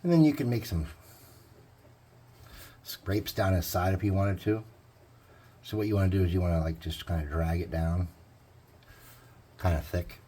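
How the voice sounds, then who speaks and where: A man's voice: low-pitched, normal speed, long pauses, dark tone, husky. A man talking casually through a painting tutorial, thinking aloud as he works. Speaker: hobby crafter.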